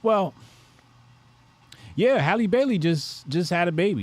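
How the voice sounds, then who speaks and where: A male livestream host with a very lively, animated pitch that swings up and down. He talks in a crude, joking way, answering his chat as the questions come in. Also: a little slow. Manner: profane, joking, reacting to chat.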